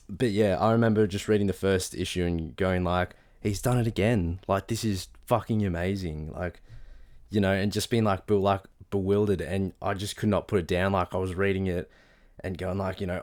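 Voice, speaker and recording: Low-voiced rambling Australian man. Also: darkish tone, clear, resonant tone. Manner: rambling, enthusiastic, many fillers and restarts. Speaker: vlogger. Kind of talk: casual video journal chat.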